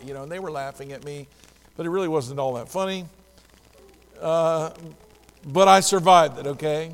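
A male pastor preaching a sermon, telling a story lively and acting out the dialogue. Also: a little high, brisk, vocal fry, big-room sound.

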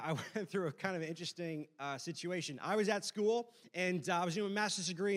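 A young adult man preaching a sermon, reading scripture and praying, then telling a self-deprecating story with lots of fillers. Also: high voice. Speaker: pastor.

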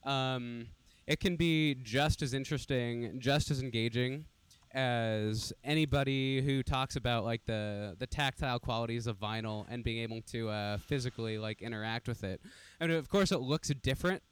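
A young man in casual chat, relaxed and hedging with lots of fillers. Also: medium pitch, normal speed, smooth. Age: young adult.

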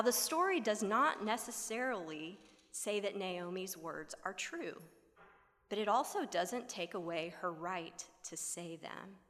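A woman delivers a sermon in a mid-pitched voice, building rhetorical questions and sometimes sinking to a near whisper. Her voice carries the long reverb of a large hall. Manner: expressive, rhetorical, drops to near whispers for emphasis. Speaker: preacher.

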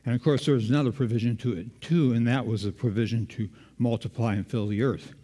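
A man's voice: medium pitch, steady tone, fast, warm tone, big-room sound. A man preaching a sermon, engaging the congregation with questions.

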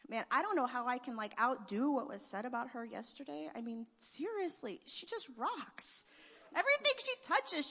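A slightly high, sharp-toned woman speaks in a church sanctuary, where the long reverb of the hall lingers. Giving a heartfelt tribute as a church member, she is emotional and laughs between phrases.

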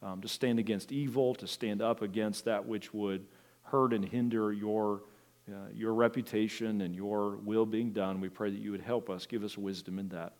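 A man's voice: on the low side, fairly even intonation, moderate pace, a little mellow. Conversational man preaching a sermon. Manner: conversational, many fillers and restarts. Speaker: pastor. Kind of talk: sermon with storytelling.

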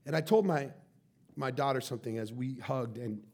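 A man's voice: medium pitch, normal speed, darkish tone, slightly rough. A man preaching a sermon, telling a family story and acting out the voices of the people in it. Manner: storytelling, acts out quoted voices. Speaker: pastor.

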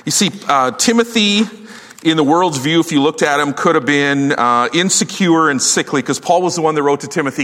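A middle-aged man preaching a sermon in a lively, joking, conversational way. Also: on the high side, brisk. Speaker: pastor. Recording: long hall reverb.

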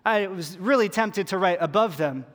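A man's voice: high-pitched, moderate pace, fairly bright tone. A man pastor telling a story in a sermon, conversational and self-deprecating. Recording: long hall reverb.

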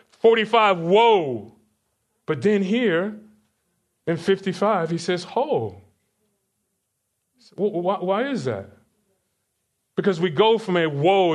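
Man preaching a teaching sermon. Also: high voice. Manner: teaching with questions to the congregation, reading verses aloud. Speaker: pastor. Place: church sanctuary.

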